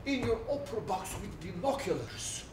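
A flirtatious Russian prince on stage. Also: male voice, sits high, very animated, normal speed, noisy background. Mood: flirting. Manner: broken English, grand and playful. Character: flirtatious, theatrical Russian prince courting an actress. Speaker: stage actor. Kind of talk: live stage play acting. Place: theater stage. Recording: roomy stage sound from a distant mic.

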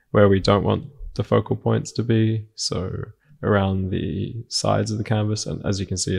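Low gravelly male art instructor. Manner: relaxed, thinking aloud with many fillers and restarts. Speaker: painting instructor. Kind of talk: narrated screen-recorded art lesson.

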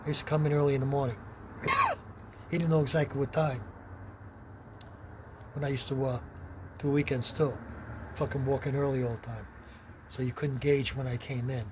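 A middle-aged man, telling a rambling, profane workplace story in a blunt, gruff manner. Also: mid-range voice. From Long Island, New York. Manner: blunt, heavy swearing, gruff. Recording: noisy background with vehicle sounds.

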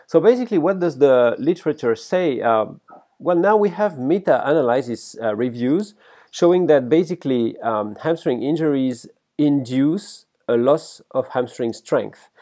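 French man, French accent, professor lecturing, warm dark tone, hesitant fillers. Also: mid-range voice, expressive. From France. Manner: halting, many fillers and restarts. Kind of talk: recorded workshop lecture.

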